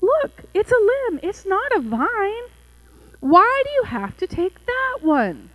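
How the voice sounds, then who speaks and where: A woman voicing a frightened young female tree in a storybook tale, pleading in a high, tearful voice. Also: very animated, slow pace, fairly bright tone, full character voice, poor audio.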